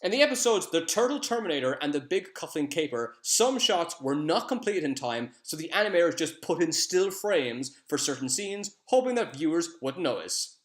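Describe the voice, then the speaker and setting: Lively man reeling off trivia. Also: a little high. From Europe. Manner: brisk, animated, wry asides. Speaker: facts video host. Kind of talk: rapid-fire list of trivia. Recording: roomy echo.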